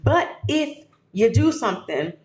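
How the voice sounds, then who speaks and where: A woman with a somewhat high voice gives an emphatic motivational pep talk as a podcast host. She repeats her affirmations, calls the listener "baby", and the room around her sounds echoey. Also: very animated, a little slow.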